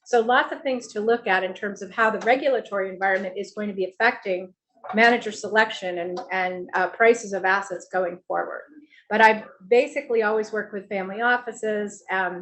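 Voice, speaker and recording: A woman speaking as a family office CEO on a finance panel, explaining in a measured way. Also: mid-range voice, fairly bright tone, low-quality recording. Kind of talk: panel discussion.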